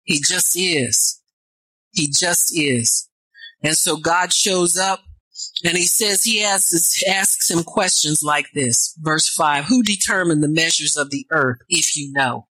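A woman's voice: sits low, measured pace, no room sound, rough recording. Fervent woman preaching a sermon. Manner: call-and-response asides, rising to fervent near-shouts.

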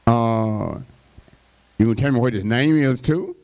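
A male preacher delivers a sermon at an unhurried, drawn-out pace. He keeps stopping to toss out call-and-response interjections to the congregation, his voice sitting at an ordinary middle pitch. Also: darkish tone.

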